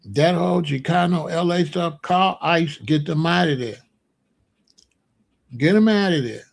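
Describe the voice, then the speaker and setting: A man's voice: a little high, unhurried, creaky. A man delivering heated, confrontational stream commentary in blunt street slang.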